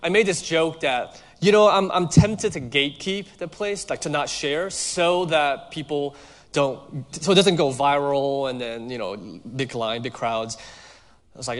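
A man preaching a sermon with a slightly raised pitch and a relaxed, conversational delivery that leans on everyday stories. His voice rings with a long reverb, as if from a church hall. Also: unhurried. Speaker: pastor.

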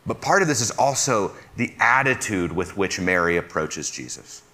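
Bright-voiced man preaching a sermon. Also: low voice, animated, moderate pace. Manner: asks listeners questions, speaks as a fellow "fixer". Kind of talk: conversational sermon.

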